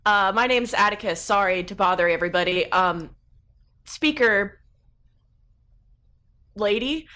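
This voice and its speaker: A woman's voice: a little slow, pauses often, pushed and bright. A woman voicing a fussy female adventurer who pretends to be hard of hearing, in a tabletop game. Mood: overly polite. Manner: high-pitched, polite, exaggerated pleading. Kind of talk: tabletop game role-play.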